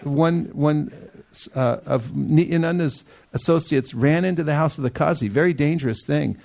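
Gravelly man telling a devotional story. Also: fairly high pitch, moderate pace. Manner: animated, acts out quoted people, laughs often. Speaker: devotional speaker. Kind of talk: storytelling sermon.

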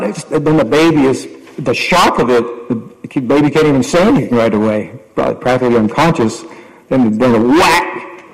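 Man giving a sermon in an echoing hall. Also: on the high side. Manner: reflective, recites Sanskrit verses and explains them. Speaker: spiritual teacher. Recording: long hall reverb.

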